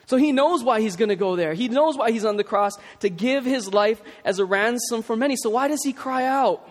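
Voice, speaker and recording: Male pastor, conversational sermon delivery, lifted pitch, reverberant church hall. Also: fairly quick. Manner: conversational, emphatic preaching. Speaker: preacher.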